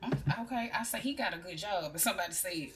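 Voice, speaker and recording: A woman's voice: on the low side, animated, fast, fairly bright tone, distant mic. A woman giving a casual, blunt tarot reading, chatting to her viewers. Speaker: tarot reader. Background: music.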